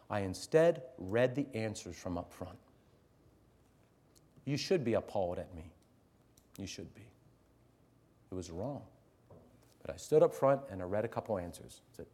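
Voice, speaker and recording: A man's voice: on the low side, animated, moderate pace, pauses often. Earnest man giving a talk to teachers. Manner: earnest, swings between loud emphasis and hushed near-whispers. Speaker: teacher speaking to fellow teachers. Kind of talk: storytelling talk to an audience.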